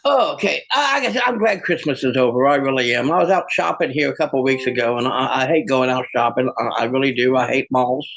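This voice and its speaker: A man's voice: mid-range voice, fast talker, few pauses, a bit bright, poor audio. A man doing a self-mocking stand-up comedy and magic act over a video call, laughing at his own jokes.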